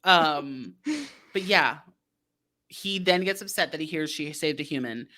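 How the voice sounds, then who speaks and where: A woman's voice: low voice, unhurried, bright, forceful tone. A woman co-hosting a podcast, recapping a movie in a chatty, sarcastic way with lots of "like.". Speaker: podcast co-host.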